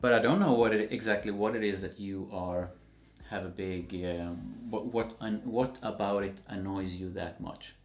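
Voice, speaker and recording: A man chatting casually while rating fragrances, opinionated but relaxed, with frequent fillers and restarts. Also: lowish voice, normal speed, hardly any pauses, roomy sound. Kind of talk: casual chat.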